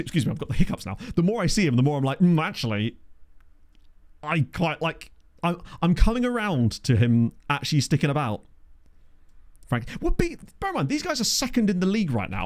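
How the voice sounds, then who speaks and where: A man's voice: mid-range voice, a little mellow. Chatty man streaming a game. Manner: chatty, reads chat aloud, laughs often. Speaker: streamer playing a football management game. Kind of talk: casual live-stream commentary.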